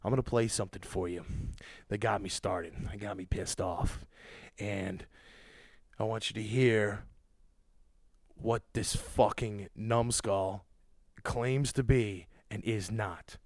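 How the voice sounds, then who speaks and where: A man hosting his own podcast, ranting and cursing loudly about the music business. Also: fairly low pitch, takes it slowly, pauses often, dry recording. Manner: loud, cursing, ranting, angry. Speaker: podcast host. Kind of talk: profane podcast rant.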